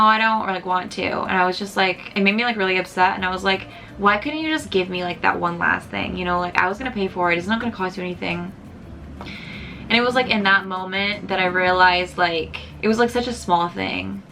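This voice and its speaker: Bright-voiced young woman telling a story. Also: mid-range voice, vocal fry, a little hiss or hum. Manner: chatty, heavy use of "like", emotional at times. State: tearful at moments. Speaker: vlogger. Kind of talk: casual storytelling to camera.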